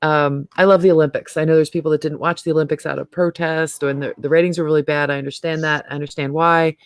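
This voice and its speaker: A woman's voice: deep voice, no echo, clean studio sound. A middle-aged woman hosting a casual livestream chat, talking freely and laughing often. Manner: chatty, laughs often, trails off and restarts. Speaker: host.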